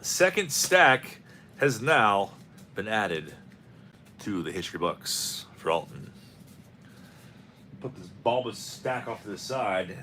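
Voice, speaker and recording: A man's voice: on the low side, very animated, slow, pauses often, pushed and bright, faint music behind. A man hosting a card-opening video, rambling and joking as he calls out player names. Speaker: host of a card-opening channel. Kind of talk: casual commentary while opening packs.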